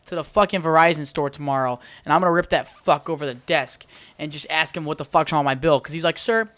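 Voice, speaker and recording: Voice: mid-range voice, fairly even intonation, fast talker, a bit bright, no room sound. Profane, heated solo podcast rant. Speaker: podcast host.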